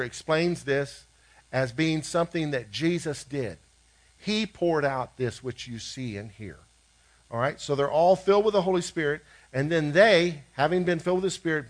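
A man preaching, teaching verse by verse and putting questions to his listeners as he explains. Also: fairly high pitch.

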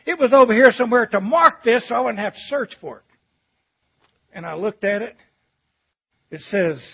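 A man preaching a sermon, shifting between shouted emphasis and quiet, reflective reading. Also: very high voice, lively intonation, normal speed, creaky, long pauses, slightly rough, highs cut off.

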